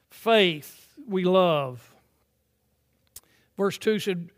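High-voiced older preacher, emphatic swells. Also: male voice, smooth. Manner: emphatic preaching that swells to loud peaks, then drops to quiet, drawn-out phrases. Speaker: pastor. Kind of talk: sermon. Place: church sanctuary.

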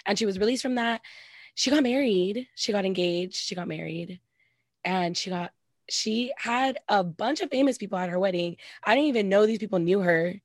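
A woman co-hosting a casual celebrity gossip chat, animated and full of "like", acting out quoted reactions. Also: mid-range voice, moderate pace, no room sound, studio quality. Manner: animated, says "like" a lot, acts out quoted reactions. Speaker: podcast co-host.

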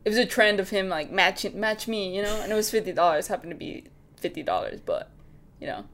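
A woman's voice: medium pitch, expressive, fairly quick, a bit bright, slight background noise. A woman co-hosting a casual podcast, playful and jokey, swearing freely. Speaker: podcast co-host. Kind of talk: casual chat.

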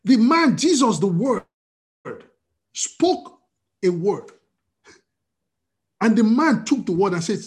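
A male pastor preaches with a mid-pitched voice that leaps up and drops down in lively swings. He fires questions at his listeners and answers them himself. It is a streamed church service. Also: slow, long pauses. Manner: animated preaching with call-and-response questions. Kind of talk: sermon.

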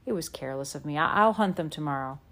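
A woman voicing a protective pioneer father who questions briskly and with concern. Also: low-pitched, expressive, fairly bright tone.

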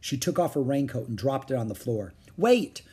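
A man reading a children's chapter book aloud with expressive, varied intonation. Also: mid-range voice, a little fast, husky. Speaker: audiobook narrator.

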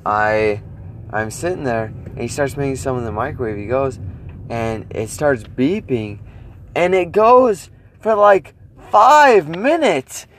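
A man's voice: medium pitch, slight background noise. A young man vlogging outdoors, telling his viewers a story, acting out his own reactions and rambling with restarts.

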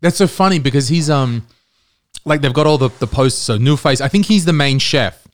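A man's voice: mid-range voice, animated. A man hosting a podcast in casual chat, teasing his co-host and riffing with profane jokes. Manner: teasing, profane, quick to riff.

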